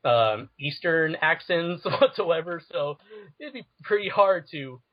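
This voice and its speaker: A man's voice: a little high, lively intonation, slow pace. A young man co-hosting a podcast, chatting casually and hesitantly. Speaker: podcast co-host. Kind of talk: casual chat. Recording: dull lo-fi recording.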